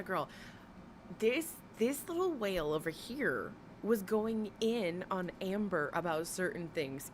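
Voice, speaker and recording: A woman hosting a livestream, ranting and gossiping bluntly and sarcastically with lots of swearing. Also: medium pitch. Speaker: livestream host. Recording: noisy background.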